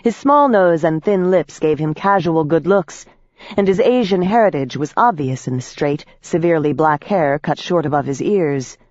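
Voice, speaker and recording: A woman's voice: sits low, lively intonation, normal speed, darkish tone, dry recording. A woman narrates a first-person fantasy audiobook with tense, vivid storytelling. The recording is dry and close, with a slightly dull, muffled top end.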